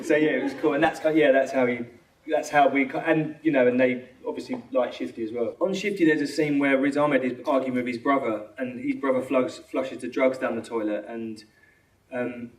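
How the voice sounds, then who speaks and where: Fast-talking man, echoey cinema hall. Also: mid-range voice, recorded from a distance. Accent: London English. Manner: fast, rambling, full of restarts and quoted dialogue. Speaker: film director. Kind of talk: Q&A answers after a screening. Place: cinema auditorium.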